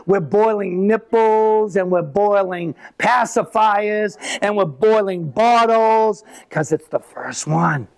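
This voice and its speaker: A middle-aged man performing live stand-up comedy, telling animated stories and acting out voices. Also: high-pitched. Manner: animated storytelling with acted-out voices. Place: live venue with an audience.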